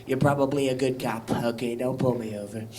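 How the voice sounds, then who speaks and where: A man's voice: mid-range voice, fairly even intonation, a little fast, close to an everyday voice. A stand-up comedian doing an impression of a boastful older male president who praises himself and tags sentences with "okay?". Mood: smug. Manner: repetitive "okay?" tag, rambling bragging. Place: bar with live audience. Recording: crowd noise in a bar.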